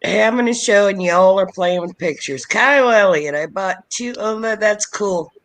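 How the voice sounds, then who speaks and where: Casual co-host, reads viewer comments, middle pitch, video-call sound. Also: normal speed, fairly bright tone. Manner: chatty, reading out viewer comments. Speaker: co-host of a reselling live show. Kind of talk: casual chat.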